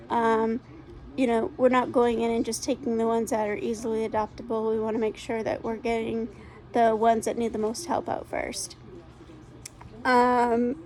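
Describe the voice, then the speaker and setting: A woman's voice: a little high, a little mellow. Congested woman rambling through a rescue update. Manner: rambling, many ums and restarts. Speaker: dog rescue organizer. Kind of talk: casual spoken update to followers.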